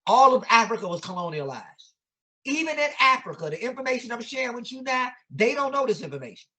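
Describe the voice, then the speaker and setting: A man's voice: extremely high pitch, sing-song, fast, pushed and bright. Male educator guest; emphatic, sermon-like teaching delivery with lots of rhetorical questions and casual vernacular phrasing. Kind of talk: impassioned conversational teaching.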